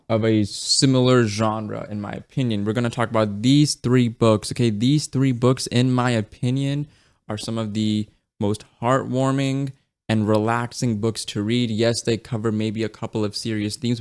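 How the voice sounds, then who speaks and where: A man's voice: mid-range voice, darkish tone, clean tone. A man talking casually and enthusiastically about books, swearing freely and dropping lots of "like" and "right?" as he goes. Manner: frequent fillers and tag questions. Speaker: book reviewer. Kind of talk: casual chat.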